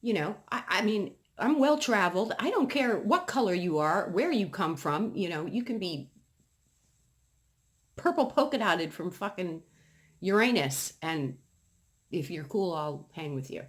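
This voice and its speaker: Woman from New England, casual ranting vlogger, emphatic and swearing, lively voice. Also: on the low side, a little slow. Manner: heated, profane, emphatic ranting.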